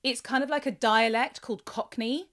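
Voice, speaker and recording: A woman with a British accent hosting a podcast interview, bubbly and quick with her questions. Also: on the high side, fairly even intonation, fairly bright tone. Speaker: podcast host.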